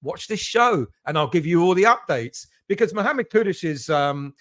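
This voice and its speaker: A man's voice: on the high side, lively intonation, normal speed, fairly bright tone. Chatty English man hosting a fan stream. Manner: chatty, greets each viewer as mate, many fillers. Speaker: host of a fan live stream. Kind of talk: casual live-stream chat reading viewer comments.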